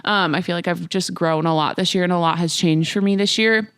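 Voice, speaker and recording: A woman in her twenties co-hosting a podcast, telling a travel story in casual chat, full of "like" and quick laughs. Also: lowish voice, steady tone, a bit bright, smooth. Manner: chatty, fills with "like", laughs while telling stories. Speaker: podcast co-host.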